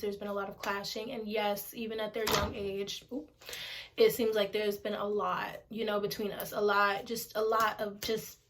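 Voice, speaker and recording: A woman in her twenties, a single mother, talking candidly to camera at home, frank and informal, swearing and repeating herself for emphasis. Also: mid-range voice. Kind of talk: candid casual talk to camera.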